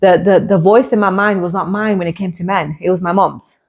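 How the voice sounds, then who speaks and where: A woman's voice: on the low side, steady tone, brisk, creaky, a little mellow, lo-fi sound. A woman podcast host and hypnotist coach in a personal monologue. She speaks candidly and reflectively, building her points through repeated parallel phrases.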